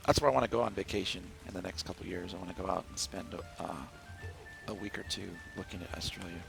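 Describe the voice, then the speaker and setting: This central-US man talks fast in a low, creaky, fairly bright voice with a steady tone, rambling casually to himself while he plays a game on a home stream. Background music runs underneath, and the audio is low quality.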